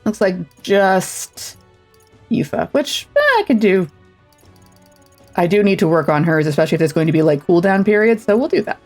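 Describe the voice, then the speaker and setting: A woman's voice: medium pitch, sing-song, moderate pace, a little mellow, faint music behind. A woman streaming a video game, chatting casually and thinking aloud with self-deprecating asides. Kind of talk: casual let's-play commentary.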